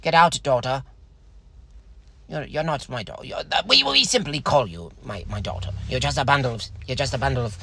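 A man's voice: mid-range voice, very animated, a little fast, pushed and bright, a little hiss or hum, exaggerated voice. Man putting on a stammering pompous British author. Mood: smug, pompous. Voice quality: stammering, self-important, gravelly. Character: smug pompous male atheist author and father, an impression. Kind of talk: comedic character voice on a stream.

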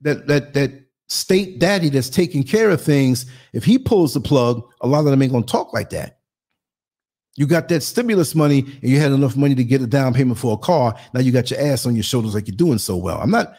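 A man's voice: mid-range voice, darkish tone. A man hosting a live stream, giving emphatic, preachy commentary in street slang, asking the audience rhetorical questions and reading viewer comments. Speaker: podcast host.

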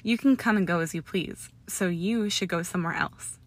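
A woman voicing a scornful, hot-tempered young male wizard who snarls and shouts in an audiobook reading. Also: lowish voice, normal speed. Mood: angry, shouting.

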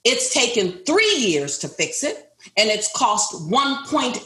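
A woman's voice: on the high side, sing-song, takes it slowly, a bit bright. A middle-aged woman, a business owner, telling a personal story to a group in an emphatic, repetitive way and speaking straight to her listeners. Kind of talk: motivational storytelling. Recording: roomy echo.

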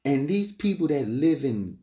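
Gravelly man ranting in an echoey room. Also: sing-song, measured pace, dark tone. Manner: emphatic, repetitive, goes off on tangents; voice climbs high when heated. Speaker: entrepreneur vlogger. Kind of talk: rambling opinion monologue. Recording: roomy echo.

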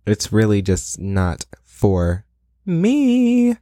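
A young man with a very low voice hosts his own podcast, chatting loosely and wandering off topic. He is playfully boastful and theatrical, and the recording is close and dry with no room sound. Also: animated, measured pace, a little mellow, no echo. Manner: rambling and playfully self-aggrandizing, with laughs and dramatic asides. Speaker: podcast host. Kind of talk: casual solo podcast rant.

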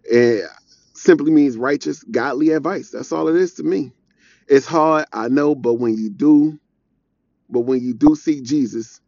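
A man's voice: mid-range voice, vocal fry, mellow, no room sound, lo-fi sound. Earnest man preaching in a casual way. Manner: earnest, repetitive, conversational. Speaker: devotional speaker. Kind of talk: informal preaching.

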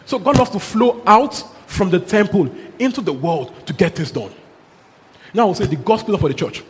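A man preaching a sermon, telling a story in an animated way with chuckles and local exclamations. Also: high voice, moderate pace, breathy edge. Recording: long hall reverb, faint background noise.

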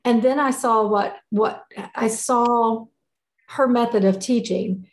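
A woman with a fairly high voice tells a story in a casual chat, stumbling and repeating words as her feelings rise. Her voice rings with the echo of a roomy space. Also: takes it slowly. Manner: emotional, repeats and restarts phrases.

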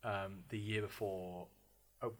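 A man's voice: lowish voice, fairly even intonation, takes it slowly. A young man co-hosting a podcast, chatting casually and rambling, fond of doing impressions. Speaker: podcast co-host. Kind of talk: casual chat.

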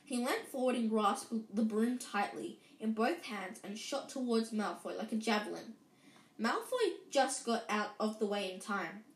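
A woman reading a children's story aloud in a lively way, with frequent slips and restarts. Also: a little high, measured pace. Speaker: reader. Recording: roomy echo.

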